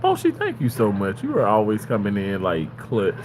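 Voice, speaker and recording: A man streaming live and reading his chat aloud, excitable, yelling at and pleading with chatters. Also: fairly low pitch, moderate pace, noisy background.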